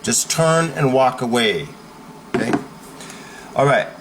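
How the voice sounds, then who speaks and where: A man's voice: medium pitch, expressive, slow, a little hiss or hum, rough recording. A man teaching how to stand up to bullies, speaking emphatically and checking in with the listener with a frequent "okay?". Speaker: self-help teacher. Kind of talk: instructional talk.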